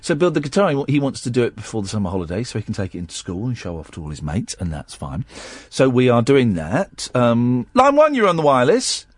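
A man's voice: mid-range voice, big pitch swings, quick pace, hardly any pauses, a little mellow, husky, no echo. Chatty, rambling male radio host. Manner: rambling, chatty, full of restarts. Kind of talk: casual on-air chat.

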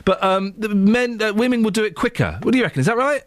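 A man's voice: high voice, animated, quick pace, no echo. A man hosting a phone-in radio show, playful and teasing as he chats with a caller.

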